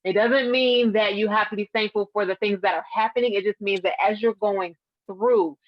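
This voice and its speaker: A woman's voice: medium pitch, steady tone, normal speed, no echo, muffled recording. A woman on a talk show speaking in an upbeat, earnest way. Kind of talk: casual talk show conversation.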